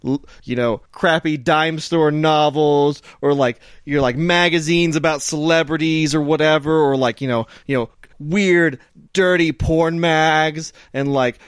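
A man co-hosts a podcast, his fairly high voice steady and a little slow, smooth, with no room sound. He rambles and jokes through casual chat, leaning heavily on fillers.

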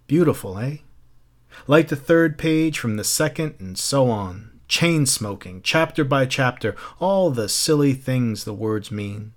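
Beatty, a slow menacing fire captain, voiced by a man. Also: medium pitch, expressive, lightly acted.

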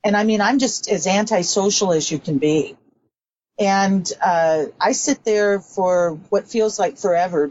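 A woman with a fairly low voice recounts a personal memory in a reflective, earnest way. The recording sounds dull and lo-fi. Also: darkish tone, a little hiss or hum. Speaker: interview guest. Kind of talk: casual storytelling.

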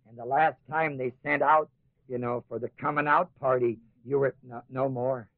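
A man's voice: medium pitch, fairly even intonation, normal speed, gravelly, no echo. A man teaching a Bible class in sermon style, acting out the voices of doubters in asides and then pressing his points with rising emphasis. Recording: tinny lo-fi old tape, dry.

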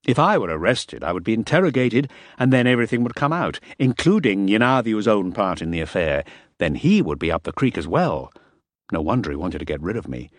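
A man narrating a first-person novel in a measured, wry storytelling manner. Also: lowish voice, sing-song, no room sound, clean studio sound. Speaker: audiobook narrator.

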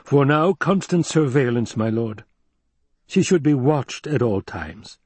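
A man reading an audiobook, voicing a grave, loyal older security chief who talks in a measured, cautious way. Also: medium pitch, expressive, darkish tone, husky, no room sound, pitched above the performer's own voice.

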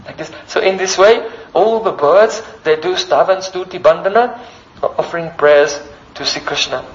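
A man's voice: high voice, normal speed, lo-fi sound. A man preaching a devotional sermon as a story, often checking in with the listeners by asking them questions.

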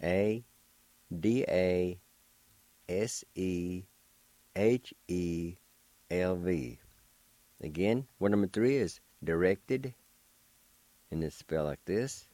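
A man's voice: sits low, very slow, long pauses, mellow, no echo. A man teaching words on the radio, spelling them out patiently letter by letter. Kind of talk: slow spelled-out language lesson.

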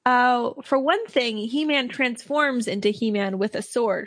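A woman co-hosting a podcast in casual chat, playful and quick to laugh. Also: a little high, fairly bright tone, dry recording. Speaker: podcast co-host.

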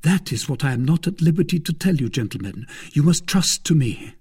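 Dude doing a confident young guardsman, takes charge, a bit raspy. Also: fairly high pitch, expressive, brisk, darkish tone, pitched above the performer's own voice. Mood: commanding. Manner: assured, commanding. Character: bold, confident young male guardsman leader.

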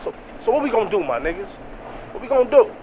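Casual: a worn-out young man yelling and cursing, cars and street noise around. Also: sing-song, quick pace, phone-quality sound. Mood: frantic. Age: young adult. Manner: frantic, cursing, voice cracking high.

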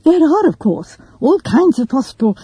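A woman doing a gentle old spinster aunt. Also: high voice, big pitch swings, normal speed, dry recording, voice pushed up. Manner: soft, gentle, fussy over small details. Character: gentle elderly spinster aunt, kindly and observant.

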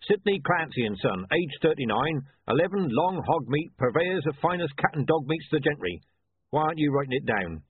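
A man voicing a thick-set, boastful male butcher who talks bluntly and loudly in an audiobook. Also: a little high, very animated, a little fast, breathy edge, phone-quality sound, voice pushed up. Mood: chatty. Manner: blunt, loud and chatty.

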